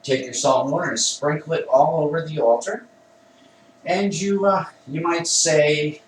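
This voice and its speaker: A man, a Wicca priest, calmly explains a ritual step by step in a plain conversational way, sometimes correcting himself. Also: a little high, measured pace, slight background noise. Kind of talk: instructional ritual demonstration. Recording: echoey room, mic at a distance.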